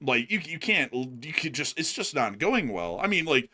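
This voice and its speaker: A man's voice: fairly high pitch, sing-song, normal speed, sharp tone. A man co-hosting a casual stream, chatty and laughing often as he answers viewer questions. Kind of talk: casual livestream chat.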